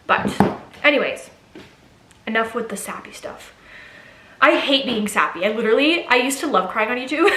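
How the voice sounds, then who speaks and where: A woman's voice: fairly high pitch, animated, normal speed, bright, forceful tone. A young pregnant woman talking casually in a get-ready-with-me vlog, rambling with fillers and restarts. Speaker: vlogger. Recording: echoey room.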